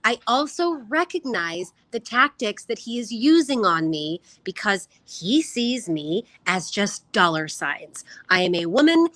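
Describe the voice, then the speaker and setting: A woman's voice: mid-range voice, big pitch swings, a little slow, hardly any pauses, fairly bright tone, dry recording. Middle-aged woman from California, podcast co-host, earnest and argumentative, dry close sound. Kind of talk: casual chat.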